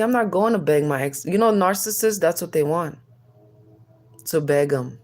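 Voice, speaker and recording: Brief: woman, 30s, lowish voice, furious rambling rant at an ex, swearing and accusing, loose confessional vlog delivery. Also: lively intonation, moderate pace, darkish tone. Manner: heated, accusatory, profane, rambling. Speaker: mother addressing her ex on camera.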